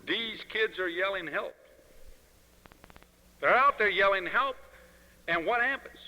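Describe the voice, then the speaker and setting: A man's voice: high voice, expressive, takes it slowly, bright, forceful tone. A man giving an impassioned political lecture, telling stories in an emphatic, preachy way, heard on an old 1971 lecture recording. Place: lecture hall. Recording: 1971 lecture recording with long hall reverb.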